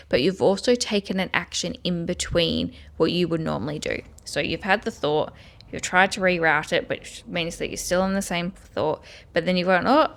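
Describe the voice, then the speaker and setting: Gravelly-voiced woman coaching self-help. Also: lowish voice. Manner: earnest and direct, guides the listener step by step; speaks tapping affirmations aloud in first person. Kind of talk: self-help video lesson.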